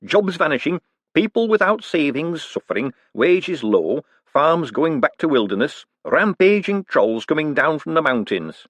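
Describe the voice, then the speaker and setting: A man voicing an eager, fussy little male economist who explains things earnestly and excitably. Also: on the high side, measured pace, dry recording, voice pushed up, heavily acted.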